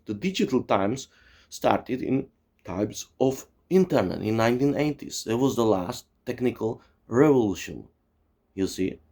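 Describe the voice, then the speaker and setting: Gravelly, profane ranting man. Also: lowish voice, darkish tone. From Czechoslovakia. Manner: swearing, digressive, heavy "you see" and "you know". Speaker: channel host. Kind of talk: profane rambling monologue.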